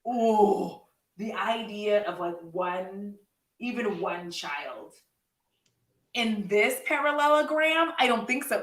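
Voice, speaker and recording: A bright-toned woman hosts a casual chat with an animated, blunt delivery and frequent laughter. Her voice comes from a little away from the mic in a roomy, echoey space. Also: mid-range voice, a little slow. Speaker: host. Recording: echoey room, mic at a distance.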